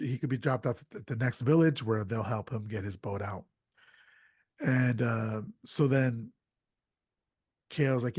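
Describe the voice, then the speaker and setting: A man hosting a podcast, casually retelling a movie plot and tossing in quick acted quotes. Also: mid-range voice, darkish tone, no room sound, studio quality. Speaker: podcast host. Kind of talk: casual movie recap chat.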